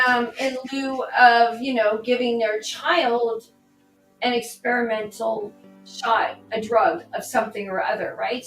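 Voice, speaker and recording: A woman, a political candidate on a podcast, talking through a personal story in an animated way and acting out the dialogue. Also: a little high. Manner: animated, re-enacts dialogue in her stories. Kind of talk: conversational storytelling. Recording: echoey room, distant mic, faint music.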